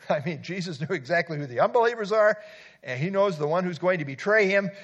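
A man preaching a conversational sermon as a pastor, reading verses and adding lively asides. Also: high-pitched, a little fast, muffled recording.

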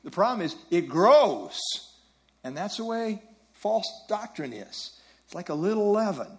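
A man's voice: high voice, sing-song, unhurried. A man leading a Bible study class, teaching earnestly and repeating key phrases for emphasis.

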